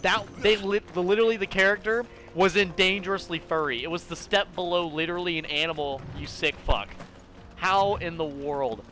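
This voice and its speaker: A man's voice: sits high, bright, forceful tone, a little hiss or hum. A young man casually commenting on a game as he plays, rambling, swearing freely and laughing often. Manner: profane, rambling, quick to laugh. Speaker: gamer playing through a game.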